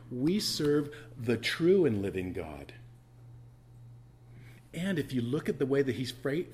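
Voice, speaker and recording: A man preaching a sermon to his church, animated, swinging between loud bursts and hushed asides, with frequent stammering restarts. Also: medium pitch, a little hiss or hum. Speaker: pastor.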